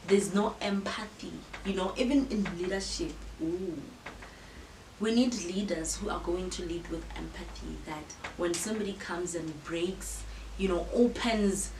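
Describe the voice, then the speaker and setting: A woman's voice: mid-range voice, reverberant, far from the mic, slight background noise, low-quality recording. A woman giving an earnest, emphatic motivational talk. She acts out the voices she quotes and often repeats words. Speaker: motivational speaker.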